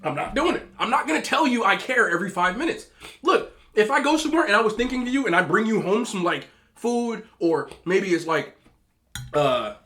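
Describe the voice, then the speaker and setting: A man's voice: sits high, pushed and bright. A man hosting a mukbang, giving opinionated casual rants while he eats and talks with his mouth full. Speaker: mukbang host. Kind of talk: casual ranting while eating.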